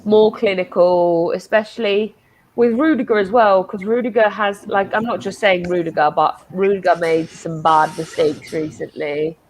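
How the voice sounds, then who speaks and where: A woman's voice: mid-range voice, steady tone, normal speed, slight background noise, rough recording. A woman co-hosting a casual football watchalong, talking earnestly with lots of "like" and hesitations. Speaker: co-host of a watchalong.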